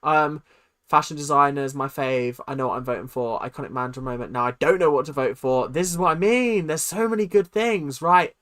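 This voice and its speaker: Hosting an awards show on a live stream, this young woman from the UK chats loosely with her audience and reacts theatrically. She speaks briskly in a low-sitting voice.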